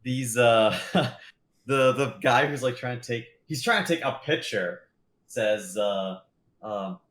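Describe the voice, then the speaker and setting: A man's voice: medium pitch, takes it slowly, fairly bright tone. A man narrating as game master in a tabletop game, rambling with lots of fillers. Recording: roomy echo.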